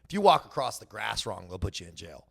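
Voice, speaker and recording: A man's voice: fairly low pitch, sing-song, fast talker, gravelly, a bit bright, husky. A young man with a Californian accent, telling his stories as a podcast guest in a loose, slangy way, laughing often. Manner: laid-back slangy talk, lots of bro and dude, laughs often. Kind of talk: casual storytelling interview.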